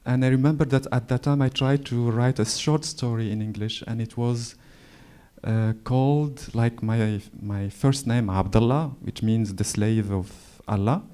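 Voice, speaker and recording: A man in his forties from Morocco with a Moroccan French accent, speaking in a halting, hesitant way and reading his own prose at a library event. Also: medium pitch, mellow, clean tone. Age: 40s. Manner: hesitant, halting, frequent fillers. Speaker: author. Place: public library event hall.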